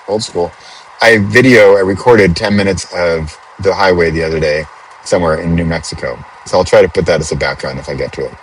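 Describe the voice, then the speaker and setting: Male host recording in his car; slightly raspy, loose and conversational, talks things through out loud. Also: on the low side, poor audio. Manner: chatty, thinks aloud with restarts and self-corrections. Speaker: podcast host. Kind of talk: casual spoken reflection. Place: in a car on a highway.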